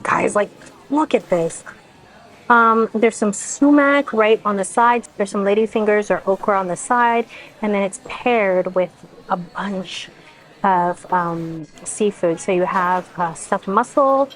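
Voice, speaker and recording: A woman's voice: mid-range voice, low-quality recording. A woman food vlogger tasting dishes and talking to the camera, effusive and exclaiming often as she eats. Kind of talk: casual food review to camera.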